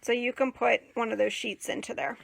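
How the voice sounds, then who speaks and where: A young woman hosting a casual crafting tutorial, chatty and rambling with many fillers, and a bit hoarse as she is losing her voice. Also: a little high, flat delivery, fairly quick. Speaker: crafting channel host.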